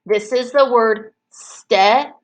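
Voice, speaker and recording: A woman teaching preschool children in an online circle time, slow and encouraging, stretching words out so the children can clap the syllables. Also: on the high side, big pitch swings, fairly bright tone, rough recording.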